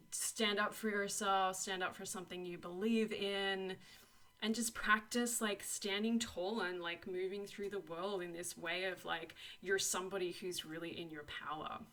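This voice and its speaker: A woman's voice: medium pitch, bright, forceful tone. A young woman giving a casual tarot and oracle card reading, effusive and encouraging, with frequent laughs and lots of "like" and "you know.". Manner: effusive and encouraging, full of 'like' and 'you know'; laughs often.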